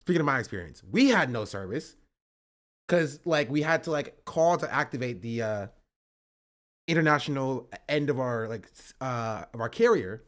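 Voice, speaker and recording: A man talks at an ordinary middle pitch in loose, rambling casual chat. He keeps looping back on himself, restarting sentences and tagging lines with "right?" or "you know?" as if checking in with the listener. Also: expressive, moderate pace. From United States. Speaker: streamer.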